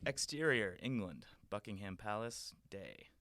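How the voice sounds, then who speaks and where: A man's voice: lowish voice, very animated, measured pace, bright, forceful tone, a little hiss or hum. A man reading his own comedy script aloud, dry narration that breaks into chuckles. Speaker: comedy podcast guest writer.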